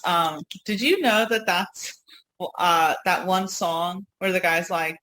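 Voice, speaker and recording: A woman from Yonkers with a New York accent, co-hosting a podcast in rambling, animated casual chat. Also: on the low side, slow pace, slight background noise, low-quality recording. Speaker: podcast co-host.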